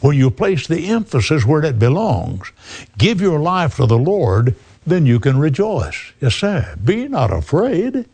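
A man's voice: on the high side, very animated, unhurried, darkish tone, husky. A man preaching a radio sermon, emphatic, addressing the listener as friend.

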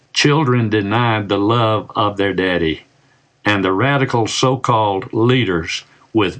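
An older man delivering a scripted opinion commentary, asking rhetorical questions and stressing words slowly and deliberately. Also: fairly low pitch, a bit bright.

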